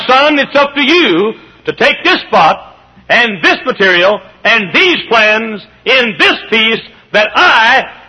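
A man's voice: sits high, sharp tone, husky, voice pushed up, full character voice. Preacher playing an old king pushing his son to take up the job, fervent, builds and builds, muffled tape. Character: aging king urging his young son, earnest. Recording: dull lo-fi recording.

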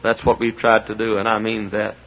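A middle-aged man preaching as a Baptist pastor, impassioned, dropping to low asides and rising to shouts. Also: flat delivery, brisk. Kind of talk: sermon. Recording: dull lo-fi recording.

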